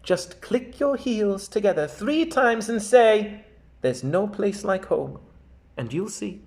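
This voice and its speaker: A man voicing a kind, calm good witch with a soft, soothing manner in a storybook reading. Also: high voice, slow pace, gravelly, exaggerated voice.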